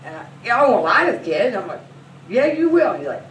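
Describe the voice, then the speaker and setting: A woman's voice: lowish voice, sing-song, quick pace, fairly bright tone. A woman in her forties telling brash, profane comedy stories about her son and her massage clients, laughing through her lines. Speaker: massage therapist. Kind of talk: stand-up comedy storytelling. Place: comedy club. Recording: echoey room, mic from a distance, noisy.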